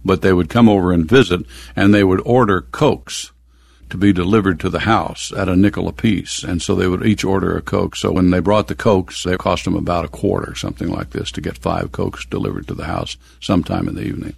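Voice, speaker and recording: A man's voice: sits low, fairly even intonation, fairly quick, creaky, slightly rough, no echo. An older man from the American Midwest telling stories from his youth in an oral history interview, chuckling now and then.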